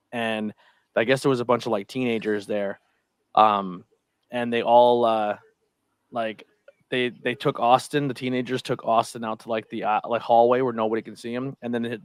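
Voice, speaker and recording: A man co-hosting a casual wrestling watch-along, telling long stories and putting on quick voices for the people in them. His voice sits at a middle pitch. The sound is dry and close, with no room around it. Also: dry recording. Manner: animated storyteller, acts out quotes. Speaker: podcast co-host.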